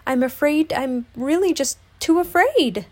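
A woman doing a squeaky, timid little piglet. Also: lively intonation, moderate pace, darkish tone. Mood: apologetic. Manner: squeaky, stammering. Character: timid tiny male piglet, nervous and stammering. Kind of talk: storybook read-aloud.

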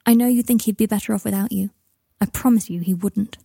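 A woman voicing an earnest young man in a storybook reading, gentle and sincere. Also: mid-range voice, fast, creaky, breathy edge, no echo, clean studio sound. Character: young man writing a heartfelt letter.

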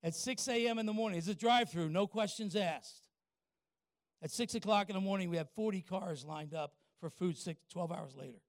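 An older man, a pastor telling a folksy story in a sermon and asking the congregation quick questions. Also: high voice, dry recording, studio quality.

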